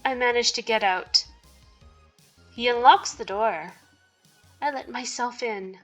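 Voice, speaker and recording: A woman's voice: fairly high pitch, slow, long pauses, faint music behind. A woman reading a visual novel game aloud, with joking asides and giggles between the narrated lines. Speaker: game streamer.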